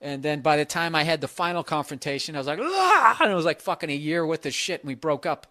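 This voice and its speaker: A man's voice: a little high, steady tone, quick pace, fairly bright tone, no echo. A man hosting a podcast who gives crude, blunt advice in a rambling, profane rant into a close mic. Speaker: podcast host giving advice.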